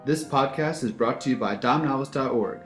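A man reading a podcast outro and credits in a plain, steady way. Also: medium pitch, fairly quick. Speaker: podcast announcer. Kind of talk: scripted outro. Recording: roomy with faint music.

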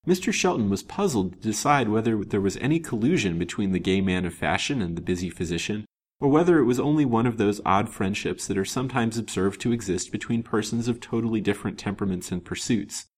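A male storyteller reads an old novel aloud. His voice is low and husky, and it moves expressively through the sentences in an old-fashioned way. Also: animated, quick pace. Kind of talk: storybook narration.

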